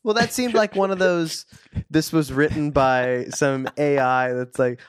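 A man's voice: a little high, a little slow, clear, resonant tone, no echo. A man co-hosting a casual podcast, talking with a dry, sarcastic humor. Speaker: podcast co-host.

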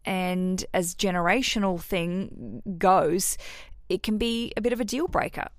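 An Australian woman hosts a podcast, answering listener questions with casual, frank wedding advice, swearing freely and doing voices when she quotes people. Her pitch is fairly low and her pace a little slow. The sound is clean studio audio with no echo.

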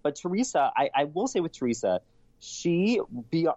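A man's voice: on the high side, sing-song, moderate pace, mellow, dry recording. Emphatic man on a dull, dry recording. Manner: emphatic, swears freely, frequent restarts. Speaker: podcast co-host. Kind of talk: casual recap chat.

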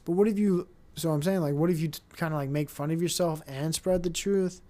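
A man's voice: fairly high pitch, brisk, dark tone. A young adult man hosting a casual solo podcast, rambling and swearing, often mocking other people in put-on voices. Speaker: podcast host.

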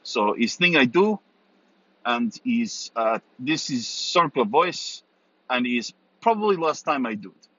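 A man's voice: medium pitch, animated, measured pace, pushed and bright, no room sound. A man putting on a Russian-accented adventurer. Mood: playful. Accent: put-on Russian accent. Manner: broken grammar, dropped articles. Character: gruff male Russian-accented adventurer, young adult. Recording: dull, dry recording.

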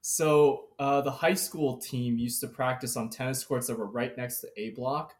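A man's voice: mid-range voice, fairly even intonation, normal speed. A young adult man co-hosting a podcast, telling a story casually, hesitant and laughing often. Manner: laughs through his story, hesitant with fillers. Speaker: podcast co-host.

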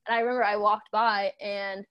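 A woman in her twenties chatting casually on a podcast, telling animated stories with lots of "like". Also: mid-range voice, a little fast, no echo, lo-fi sound. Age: 20s. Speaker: sports journalism intern.

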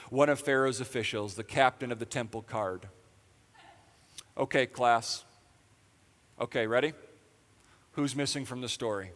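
A man's voice: medium pitch, fairly bright tone. A man preaching a sermon in a conversational way, with sarcastic asides, in a church auditorium. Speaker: pastor. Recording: long reverb of a large hall.

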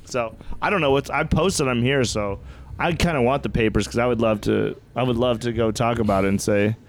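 Animated male comedian telling a story. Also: mid-range voice, a little fast, slight background noise. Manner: animated storyteller, acts out quotes in raised voice. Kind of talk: casual storytelling chat. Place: podcast studio.

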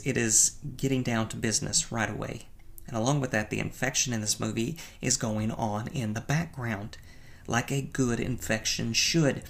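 A man's voice: mid-range voice, vocal fry. A man giving a casual, wry film review, teasing himself and chuckling. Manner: wry, playfully self-mocking, with chuckles and stumbles. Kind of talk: casual movie review commentary.

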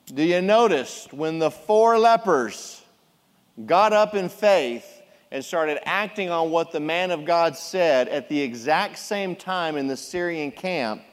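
A middle-aged man preaching a sermon as a pastor, animated and jokey as he tells the story. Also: a little high, clean tone. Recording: long reverb of a large hall.

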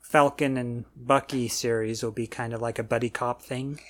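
A podcast co-host in casual chat, relaxed and agreeable, often backing up the other host. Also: medium pitch, moderate pace. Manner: relaxed, agreeable, frequent affirmations.

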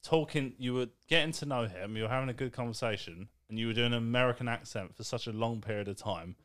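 A man's voice: medium pitch, fast talker, smooth. A young man co-hosting a podcast, talking bluntly and animatedly, acting out exchanges as he argues. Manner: animated, blunt, acts out dialogue in bursts. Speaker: podcast co-host. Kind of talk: casual chat.

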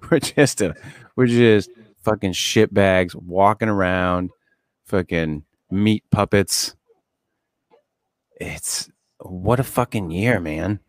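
A man's voice: deep voice, slow pace, pauses often, dry recording, studio quality. A middle-aged man co-hosting a podcast in casual chat, swearing freely, rambling and laughing often. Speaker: podcast co-host.

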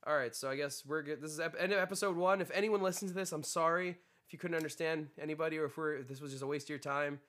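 A man's voice: fairly high pitch, fairly even intonation, quick pace, few pauses, fairly bright tone. A man hosting a casual podcast chat with friends, joking and laughing often. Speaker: podcast host.

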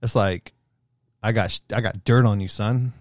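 A man's voice: fairly low pitch, steady tone, moderate pace, no echo, clean studio sound. A man co-hosting a podcast, teasing and rambling in slangy, casual chat. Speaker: podcast co-host.

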